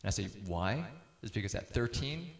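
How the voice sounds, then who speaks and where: A middle-aged man gives a casual talk on raising children, his voice sitting a little low. He tells stories with easy laughter and acts out what people said. The room around him rings with echo. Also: moderate pace, creaky. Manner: relaxed storyteller, laughs easily, acts out quotes. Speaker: speaker on parenting.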